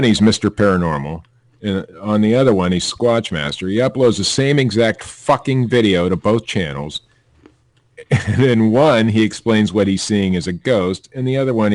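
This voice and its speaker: A man's voice: fairly low pitch, lively intonation, normal speed, no room sound. A man hosting a casual podcast, reading news stories aloud with blunt, profane, sarcastic asides.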